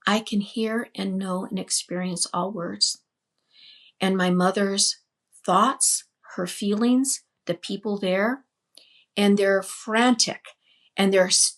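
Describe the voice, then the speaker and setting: A woman's voice: medium pitch, steady tone, slow. Older woman telling a heartfelt story. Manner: earnest, flowing, repeats and restarts words. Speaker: interview guest. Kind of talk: personal testimony in an interview.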